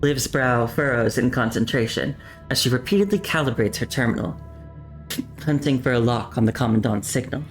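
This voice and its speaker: A woman streamer narrating a game story aloud with slow, deliberate pacing and wry asides. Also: a bass voice, soft background music. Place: home streaming setup.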